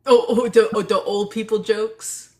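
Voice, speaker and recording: A woman's voice: mid-range voice, fairly even intonation, unhurried, a little mellow, slight background noise. A woman hosting a casual livestream chat, teasing her guests and laughing often. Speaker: livestream host.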